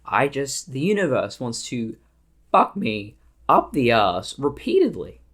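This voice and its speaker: Australian woman, vlogger, blunt, swears freely, animated, wide-ranging pitch. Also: measured pace. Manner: blunt, profane, animated storytelling. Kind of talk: personal story vlog.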